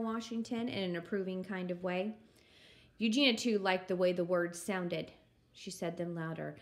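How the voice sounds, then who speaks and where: A woman reading a children's chapter book aloud in a calm, measured storytelling manner. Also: on the low side. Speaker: story reader.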